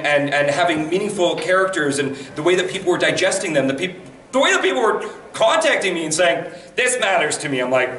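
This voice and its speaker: A man with a deep yet fairly high-pitched voice gives conversational advice, animatedly acting out quotes as he tells stories. He sounds a little far from the mic, in a room with a noticeable echo and faint background noise. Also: fairly bright tone. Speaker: voice actor guest. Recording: echoey room, mic at a distance.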